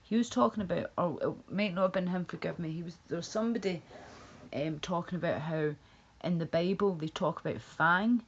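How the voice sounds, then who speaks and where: Woman, low voice, rambling blunt livestream chat, dull lo-fi audio. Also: a little fast, slight background noise. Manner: rambling, blunt, swearing, laughs often. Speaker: livestream host. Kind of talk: casual ranting chat.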